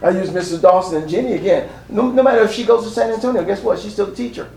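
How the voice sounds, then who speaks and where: Man preaching, high voice, roomy echo, picked up from far off, emphatic and repetitive. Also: fast, vocal fry, darkish tone, a little hiss or hum. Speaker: pastor. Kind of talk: sermon.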